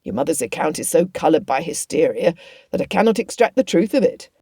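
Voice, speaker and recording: A woman's voice: sits low, animated, a little fast, creaky, mellow, slightly rough, no echo, full character voice. A woman reading an audiobook voices a wry older father, speaking mildly and sardonically. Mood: dry. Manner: mild, dry, sardonic. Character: dry, wry older father behind a newspaper.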